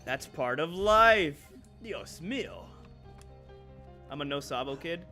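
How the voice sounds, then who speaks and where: A man's voice: a little high, expressive, moderate pace, pushed and bright, soft background music. A man streaming a video game, chatting casually and joking, laughing often and tossing in Spanish exclamations. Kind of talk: casual chat while gaming.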